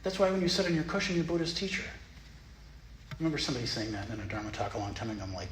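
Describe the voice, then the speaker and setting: Zen teacher, male, lively pitch swings, playful; echoey hall with faint ambience. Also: very fast, a little hiss or hum. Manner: animated, playful, self-mocking. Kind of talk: dharma talk. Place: meditation hall of a Zen center.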